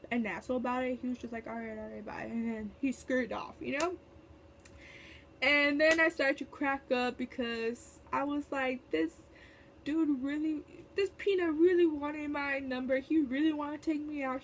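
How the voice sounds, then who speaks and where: A woman's voice: high-pitched, a little hiss or hum. A young woman telling a storytime vlog in casual, chatty talk, full of fillers and sassy asides. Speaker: vlogger.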